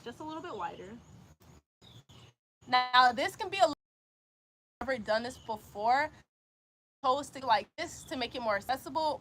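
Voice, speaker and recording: This yoga instructor's voice is high-pitched, bright and forceful, with a faint hiss or hum on the recording. She's a young woman guiding an outdoor flow in light rain, calling out poses and breaths between casual, slangy remarks to viewers.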